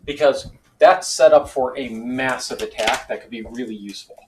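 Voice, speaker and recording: A man hosting a board game session, chatting casually, reading out rules and telling stories with lively acted-out quotes. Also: mid-range voice, normal speed, noisy background. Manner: animated storyteller, acts out quoted voices. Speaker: board game player and host.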